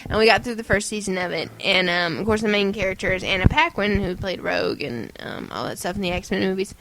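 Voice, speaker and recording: A woman's voice: mid-range voice, fast talker, vocal fry, a bit bright, slight background noise, low-quality recording. A woman hosting a podcast, chatting casually and rambling with lots of giggles and silly impressions. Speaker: podcast host. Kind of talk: casual chat.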